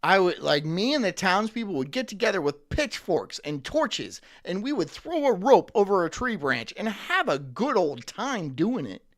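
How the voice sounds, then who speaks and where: A man's voice: sits high, big pitch swings, normal speed, few pauses, a bit bright. A man ranting sarcastically on a live stream, swearing often and slipping into mocking voices.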